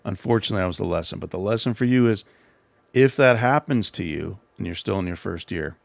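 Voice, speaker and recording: A man's voice: low voice, expressive, fast talker, vocal fry, no room sound. A middle-aged man hosting a livestream, telling a rambling, self-deprecating story and giving casual advice. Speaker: livestream host.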